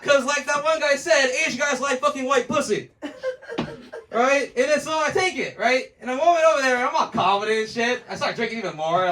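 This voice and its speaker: High-voiced man telling stand-up stories. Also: expressive, fairly quick, fairly bright tone, recorded from a distance. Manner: rambling, profane, laughs at his own jokes. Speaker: stand-up comedian. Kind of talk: stand-up storytelling.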